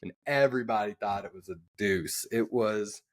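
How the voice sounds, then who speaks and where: A man's voice: on the low side, normal speed. Easygoing man telling a crew anecdote. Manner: easygoing, laughs into punchlines, shouts quoted lines. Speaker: podcast guest. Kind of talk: casual storytelling chat.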